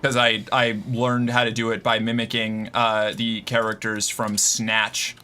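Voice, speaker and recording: A man's voice: fairly low pitch, completely flat delivery, unhurried, pushed and bright, faint music behind. A man chatting casually on a live stream, loose and joking, swearing and laughing as he plays.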